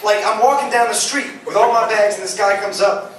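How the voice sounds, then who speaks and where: A man's voice: sits high, fairly quick. Swearing young man doing stand-up. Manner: profane, rambling, heavy with "uh" and "man". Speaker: stand-up comedian. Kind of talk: stand-up set. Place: comedy club stage. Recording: roomy club, distant mic, loud crowd. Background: audience laughter.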